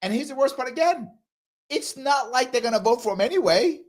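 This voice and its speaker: A man's voice: very high voice, expressive, brisk. A man hosting a live ask-me-anything show, reading viewer comments aloud and answering them in an emphatic way, repeating phrases for emphasis and slipping into mocking voices. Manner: does mocking voices of opponents.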